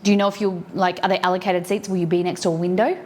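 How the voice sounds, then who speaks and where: Speaking very fast in a fairly low, darkish voice with little pitch movement, a woman streamer makes food in her kitchen. She keeps up a casual, chatty conversation with her viewers, responding to chat while rolling food.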